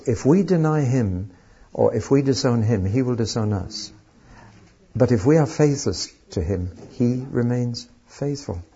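A man's voice: medium pitch, darkish tone, slightly rough, muffled recording. A man preaching a sermon, reading scripture aloud with strong emotional emphasis.

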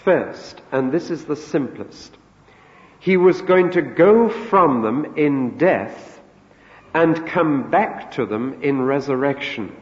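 A man's voice: fairly high pitch, lively intonation, takes it slowly. A man preaching a sermon in an earnest, storytelling manner, lifting his voice as he voices quoted words. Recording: echoey hall, dull lo-fi sound.

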